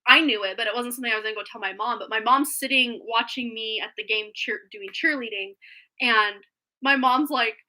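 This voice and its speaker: A woman's voice: a little high, brisk, pushed and bright, rough recording. A woman reading tarot on a live stream, bubbly and effusive, often giggling as she talks to viewers. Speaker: tarot reader.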